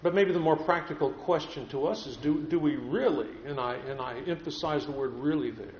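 A man's voice: fairly high pitch, brisk, a little hiss or hum. A man preaching a sermon to a congregation, earnest, repeating words as he builds his points. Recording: echoey room, dull lo-fi sound.

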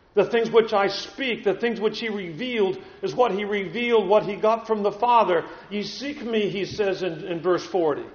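Earnest preacher man in echoey church. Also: high voice. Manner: earnest, repeats words as he builds points. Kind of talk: sermon. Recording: echoey room, dull lo-fi sound.

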